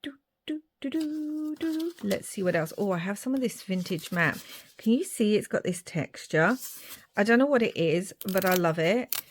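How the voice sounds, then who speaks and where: A woman's voice: medium pitch, expressive, normal speed, slight background noise. A woman from Ireland chatting casually while making a craft project, muttering asides to herself. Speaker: craft vlogger.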